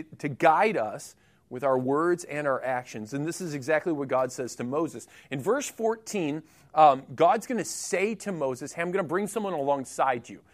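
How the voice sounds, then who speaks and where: Middle-aged male pastor, high voice, conversational sermon delivery with humor. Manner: conversational, animated, jokey asides.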